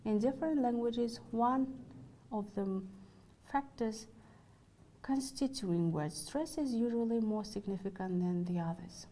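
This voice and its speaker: A woman with a Russian accent, a native Russian speaker, giving a phonetics lecture in a slow, careful and halting way. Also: on the high side, dark tone, a little hiss or hum, rough recording. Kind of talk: university lecture.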